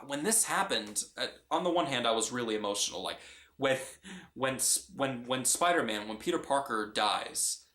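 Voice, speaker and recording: A man's voice: mid-range voice, expressive, moderate pace, pushed and bright. A man giving a casual, earnest film review, often restarting and repeating his phrases. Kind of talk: casual movie review vlog. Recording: roomy echo.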